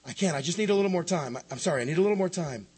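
A worn-down dad in crisis keeps putting off his son, with hurried, pleading speech, as a man with a husky voice acts him out. The voice stays close to the teller's own, low and rough at the edges. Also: expressive, darkish tone. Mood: harried. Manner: hurried, pleading, self-reproaching. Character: overwhelmed, distracted father in crisis.

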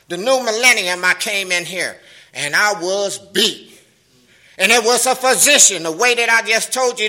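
A high-pitched middle-aged man speaks African American Vernacular English as he tells his recovery story at a meeting, animated and streetwise, laughing and swearing. The recording is rough.

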